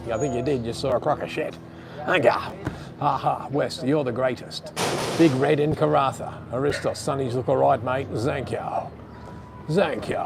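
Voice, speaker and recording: A man's voice: medium pitch, vocal fry, noisy background. An Australian man live streaming outdoors in a city on a phone gimbal, rambling bluntly and swearing casually while reading out chat comments.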